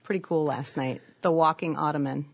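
A woman with a Wisconsin accent chatting casually as a guest, playful and animated, laughing often. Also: low voice, a little fast. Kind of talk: casual chat. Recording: dull, muffled audio.

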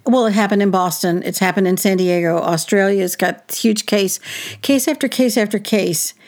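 A woman telling a personal childhood story in a lively, indignant conversational way, with wry asides. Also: medium pitch, normal speed. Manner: animated, indignant, with wry laughs and quoted voices.

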